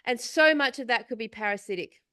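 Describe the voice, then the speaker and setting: A woman's voice: a little high, fairly quick, sharp tone, no room sound, clean studio sound. A middle-aged woman co-hosting a casual spiritual chat, rambling with many fillers and swearing freely. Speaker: podcast co-host.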